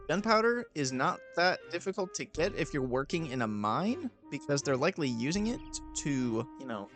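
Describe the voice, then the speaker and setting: Young man, gameplay commentary voice-over, slightly high voice, deadpan sarcastic, close mic, faint game music behind. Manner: sarcastic, deadpan, talks in fake medical bills.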